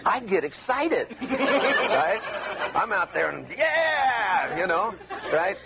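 A man giving an animated live seminar lecture, acting out the inner voices he describes. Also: high voice, slow, gravelly, a crowd in the background, noisy background.

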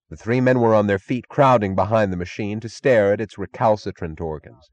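A man narrating an audiobook in an expressive, dramatic reading. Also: on the low side, brisk, few pauses, no echo, muffled recording.

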